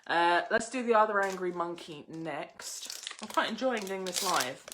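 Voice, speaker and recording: A young woman hosting a casual live unboxing, chatty and excitable, gushing over each card she pulls. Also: fairly low pitch, unhurried, noisy background. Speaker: livestream host opening card packs.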